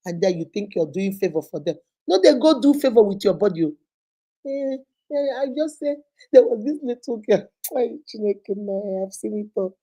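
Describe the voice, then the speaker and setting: A Nigerian woman in middle age talks through relationship questions in a casual, animated way. She tells stories with relish and slips into quoted voices. Her tone is warm and mellow rather than bright. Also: fairly high pitch, normal speed. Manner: lively storytelling, acts out quoted voices, frequent laughter. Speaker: host answering relationship questions. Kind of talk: animated casual advice talk.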